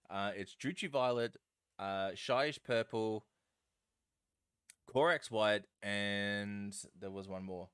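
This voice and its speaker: A man's voice: lowish voice, fairly even intonation, takes it slowly, fairly bright tone, clear, resonant tone. A man hosting a live stream, chatting in a rambling, self-deprecating way while he paints.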